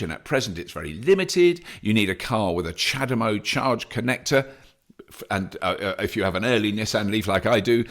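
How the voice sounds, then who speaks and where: A man's voice: fairly low pitch, fairly bright tone. A man hosting a solo news update podcast, chatty and enthusiastic with self-deprecating humour. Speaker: podcast host.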